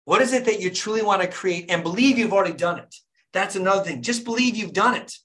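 A man's voice: high voice, lively intonation, fast talker, a bit bright. A fired-up young man, a dentist, hosting a group video call and urging listeners on with repetitive, preachy motivation.

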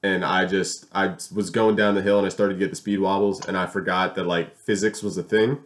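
A man's voice: low-pitched, a little fast. A young man in casual chat, telling stories animatedly and swearing freely. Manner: animated storyteller, swears freely, mimics voices.

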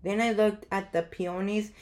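A woman reading a children's picture book aloud, with clear storybook narration. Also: medium pitch, steady tone, moderate pace, darkish tone. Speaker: guest reader.

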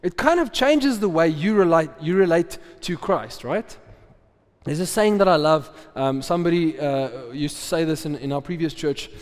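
Guy preaching a sermon, chatty, asks the crowd stuff, slightly high voice, big echoey church hall. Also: lively intonation, moderate pace. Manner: conversational preaching, rhetorical questions to the congregation, laughs often. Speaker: pastor. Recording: long hall reverb.

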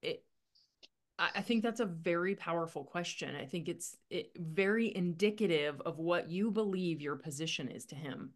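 A woman with a low, full voice hosts a faith podcast in relaxed conversation. She thinks out loud, circling and restarting her sentences before landing on a question, and she gently draws her guest out. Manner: thoughtful, halting, many restarts and fillers. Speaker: podcast host; women's ministry mentor. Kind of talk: faith-based casual conversation.

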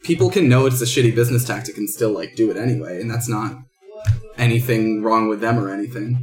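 A man's voice: lowish voice, fast talker, soft background music. A man talking bluntly and swearing freely in a casual chat. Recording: echoey room.

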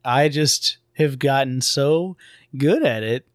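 A man's voice: medium pitch, slow, dry recording. Laid-back jokey man, dry close sound. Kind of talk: casual chat.

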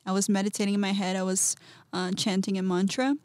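A woman, a podcast guest, telling a personal story in an animated way, acting out quotes and laughing often. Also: mid-range voice, quick pace, dry recording.

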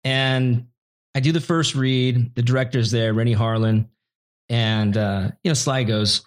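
A man's voice: mid-range voice, fairly even intonation, a little slow. Chatty man trading actor stories. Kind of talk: casual chat.

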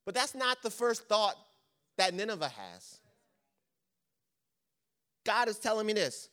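Male pastor with a bright, forceful voice preaching, pressing question after question. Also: high voice, big pitch swings. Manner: impassioned, rapid-fire rhetorical questions. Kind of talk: sermon.

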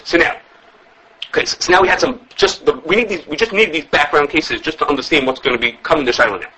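Animated fast-talking man teaching. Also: on the high side, slightly rough, low-quality recording. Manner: animated, fast, many restarts, quotes sources in voices. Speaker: Torah teacher. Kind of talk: informal halachic class.

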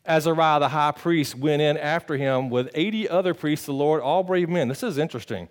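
A pastor preaching a sermon in a conversational, animated way, swinging between loud bursts and quiet, earnest talk and teasing his congregation. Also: fairly high pitch, brisk, hardly any pauses.

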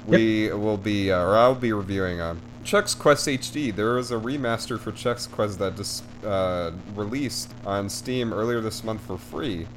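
A man hosting a casual gaming podcast, talking in halting bursts full of fillers and restarts. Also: a little hiss or hum. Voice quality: says his voice gets squeaky. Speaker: podcast host.

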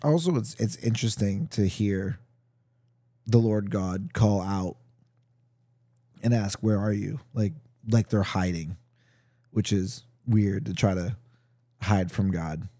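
A man with a low, very warm and mellow voice reads scripture, then thinks it over out loud in a loose, halting way. He hosts the show, and the sound is close and dry. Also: slightly rough, dry recording. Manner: thoughtful, halting, musing aloud. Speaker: podcast host. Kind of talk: Bible reading and casual reflection.

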